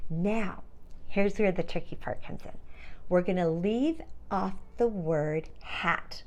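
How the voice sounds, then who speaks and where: A woman teaching preschoolers, cheerful and encouraging as she talks to small children and sings a slow children's song. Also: mid-range voice, a little mellow. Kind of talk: preschool lesson.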